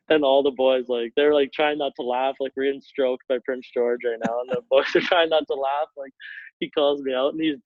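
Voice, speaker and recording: A man's voice: mid-range voice, normal speed, dry recording. A young Canadian man, a hockey player, telling stories casually on a podcast call, laughing often as he goes. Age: young adult. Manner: laughs often while telling stories, relaxed, filler-heavy. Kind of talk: casual storytelling. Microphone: call over internet. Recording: tinny phone-like line, dry.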